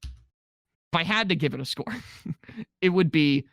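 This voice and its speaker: A man's voice: on the high side, lively intonation, unhurried, fairly bright tone, dry recording, studio quality. A man co-hosting a podcast, casually recapping a movie plot with jokes and mocking voices for quoted characters. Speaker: podcast co-host. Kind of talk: casual movie review chat.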